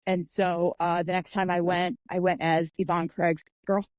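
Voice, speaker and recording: A woman being interviewed on a podcast, telling anecdotes in a lively, animated way and acting out the voices of the people in them. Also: fairly low pitch, normal speed, no echo, low-quality recording. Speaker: guest, author and martial artist.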